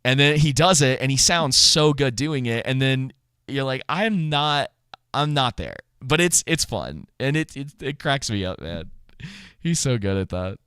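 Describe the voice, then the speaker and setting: Guy cohosting a movie podcast, smooth voice, dry close sound, rambles and laughs a lot. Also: medium pitch, expressive, moderate pace, a bit bright, no echo. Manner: rambling, laughs often, restarts. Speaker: podcast co-host. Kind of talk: casual movie chat.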